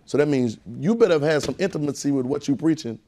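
A male preacher delivering a sermon, chatting with the congregation in folksy asides and building up in pitch and volume as he drives his points home. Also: expressive, fast, warm tone.

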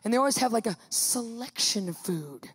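A woman tells her personal testimony with lively energy, laughing often and acting out other people's voices. Her speaking voice sits a little high. Her storytelling is casual and expressive. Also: moderate pace, slightly rough, dry recording, clean studio sound. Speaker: guest giving a testimony.

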